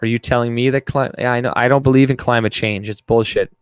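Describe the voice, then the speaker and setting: A man's voice: medium pitch, steady tone, fast talker, clean tone, no room sound. A young man hosting a live stream, ranting profanely and reading his chat aloud. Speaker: livestream host. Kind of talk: casual live-stream commentary.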